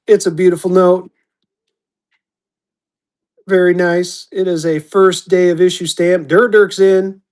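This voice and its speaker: Man, high voice, live auction patter, upbeat, slightly hoarse. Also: flat delivery, a little mellow. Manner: fast auctioneer chant, upbeat and chatty. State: losing his voice.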